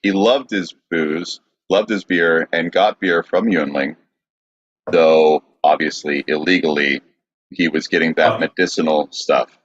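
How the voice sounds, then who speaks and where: A man co-hosting a podcast, presenting history from notes in a halting way with fillers. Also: a bass voice, fairly even intonation, no echo, muffled recording. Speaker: podcast co-host.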